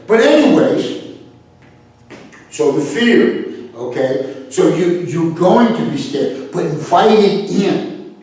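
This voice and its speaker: Blunt man in a very echoey room. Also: sits high. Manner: blunt, animated, swears freely. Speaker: self-defense instructor. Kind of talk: podcast monologue. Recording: very echoey room, far from the mic.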